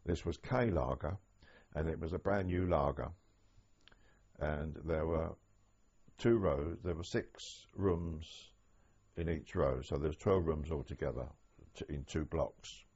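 An older man recalling wartime memories in an oral history interview, speaking haltingly with many restarts. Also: rumbling low, darkish tone, slightly rough. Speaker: interviewee, former prisoner of war. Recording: dull lo-fi archive tape.

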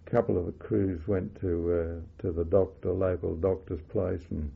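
Gravelly older man reminiscing. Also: low voice, fairly even intonation. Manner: halting, many fillers and self-corrections. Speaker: interviewee. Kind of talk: oral history recollection. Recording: muffled phone-like lo-fi audio.

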